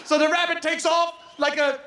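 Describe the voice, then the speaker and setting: A man in his forties performs stand-up and tells a crude, animated story with lots of laughter. His voice is very high and bright. It carries from a distance through an echoing live venue. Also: moderate pace, a little hiss or hum. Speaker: stand-up comedian. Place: comedy venue stage.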